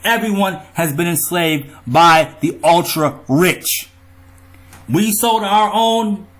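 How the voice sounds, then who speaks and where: Riled-up man ranting, high voice. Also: slow, fairly bright tone. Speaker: vlogger. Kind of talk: angry monologue to viewers.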